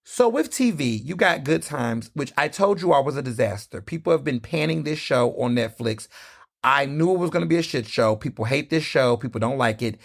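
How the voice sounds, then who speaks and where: A man hosting a solo podcast in a casual, animated, gossipy way, full of sassy asides. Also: medium pitch, normal speed, gravelly. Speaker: podcast host.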